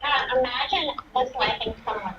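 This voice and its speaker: A young woman with a fairly high voice chats and rambles as a podcast co-host, giggling along the way. The audio is dull and lo-fi, with loud hiss running under her. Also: moderate pace. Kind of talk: casual chat.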